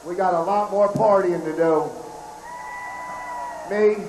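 A hoarse male comedian emceeing an outdoor festival stage, joking brashly and swearing at the crowd. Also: high voice, steady tone, slow, darkish tone, slight background noise. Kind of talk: stage banter. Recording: echoey outdoor PA sound.

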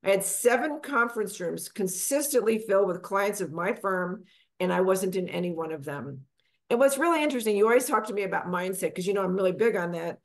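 A middle-aged woman from Texas, a financial advisor guest, telling her story in a lively conversational way and acting out the people she quotes. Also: fairly quick. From Texas, USA. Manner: animated, acts out quotes with big pitch jumps.

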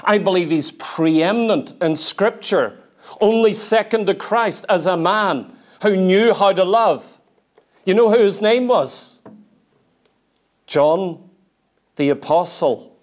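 A man's voice: high-pitched, slow, pauses often. A man preaching a sermon in church, earnest and emphatic, repeating his key points and reading scripture aloud. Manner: reads scripture aloud in King James wording.

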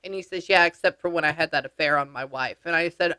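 Bright-voiced chatty woman medium. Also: sits low, fast, smooth. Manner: chatty, relays spirit quotes with slang and swearing. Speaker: psychic medium. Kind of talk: casual session talk.

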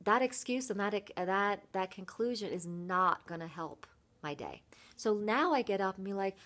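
A woman voice coach giving a motivational vlog talk, earnest and reflective, with thoughtful pauses. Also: mid-range voice, animated, a bit bright.

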